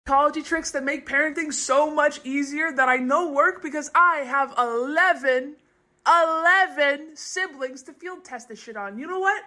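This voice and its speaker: Woman, high and bright, blunt and casual, tosses off quick silly voices. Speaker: parenting tips creator. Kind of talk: casual advice talk.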